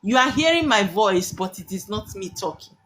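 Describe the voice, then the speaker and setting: A woman's voice: medium pitch, animated, normal speed, a bit bright. A woman, hosting a live stream and teaching with emphatic rhetorical questions that she answers herself.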